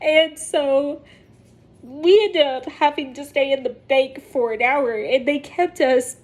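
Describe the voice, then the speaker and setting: A woman's voice: sits high, takes it slowly. A woman vlogger telling a story to her viewers in a chatty way, often laughing as she talks. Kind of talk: casual storytelling to camera.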